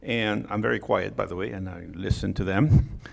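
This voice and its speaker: French-accented middle-aged male presenter, gravelly tone, chatty and joking. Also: lowish voice, steady tone, normal speed. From France. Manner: joking, chatty, with many fillers and restarts. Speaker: conference speaker. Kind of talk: conference talk. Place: conference hall.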